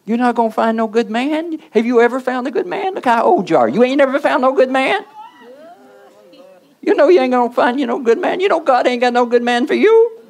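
A man's voice: very high voice, sing-song, a little fast, vocal fry, a little mellow, pitched above the performer's own voice, heavily acted. A man voicing a taunting, scornful devil that jeers with repeated put-downs during a sermon. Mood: mocking. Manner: jeering, repetitive put-downs.

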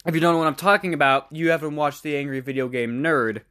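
A man's voice: on the high side, fairly even intonation, fast, bright, forceful tone, clean tone. Rambling, cursing male podcast host. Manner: rambling, swears freely, snacks while talking. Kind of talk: casual solo podcast monologue.

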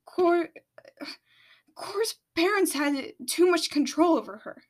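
A defiant male dragon, exiled and scheming, who argues back hard, as a woman reads him aloud. The voice sits high in pitch. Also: lively intonation, slow pace, full character voice. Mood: pleading.

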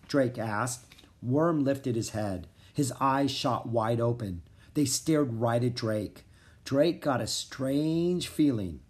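A man narrating a children's storybook in an expressive, dramatic reading style. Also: medium pitch, takes it slowly. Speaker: audiobook narrator.

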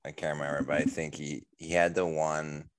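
A man's voice: rumbling low, little pitch movement, a little fast. A man hosting a podcast, chiming in with short casual remarks. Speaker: podcast host.

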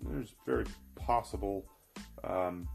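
A man's voice: fairly low pitch, takes it slowly, gravelly, a little mellow, faint music behind. A man giving an emphatic finance talk, speaking straight to the listener and repeating his key points. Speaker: financial educator. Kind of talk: motivational finance talk to viewers.

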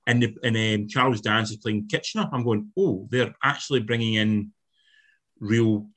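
A man's voice: fairly low pitch, fairly even intonation, moderate pace, a bit bright. A man co-hosting a casual film review chat, giving long, analytical critiques with sweary asides. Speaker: film podcast co-host.

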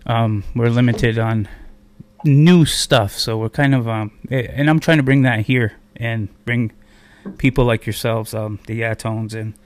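A man's voice: medium pitch, fairly even intonation, measured pace, dry recording. Radio guy from a border reservation, rambly casual chat, lots of ums. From Akwesasne, on the Canada-US border. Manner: rambling, loose, with many fillers. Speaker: community radio host. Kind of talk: casual live radio interview.

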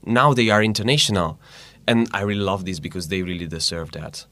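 Man, Italian accent, non-native speaker, earnest, low, bright, dry. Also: a little fast, no room sound. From northern Italy. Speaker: interviewee. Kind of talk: casual conversation.

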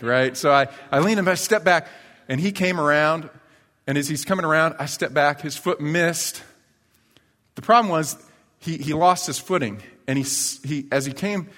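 A male pastor giving a sermon in a chatty storytelling way, growing lively as he tells personal stories. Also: fairly high pitch. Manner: conversational storytelling, animated when telling anecdotes. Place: church sanctuary. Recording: church hall reverb.

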